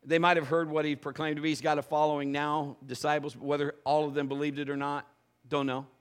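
A middle-aged man, a pastor, preaching a conversational sermon and telling stories in an animated way. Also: a little high. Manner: animated, conversational, acts out quoted voices. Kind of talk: storytelling sermon.

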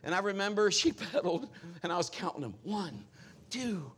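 A male pastor preaching a sermon, telling animated stories and acting out quoted voices. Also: high voice, normal speed, breathy edge.

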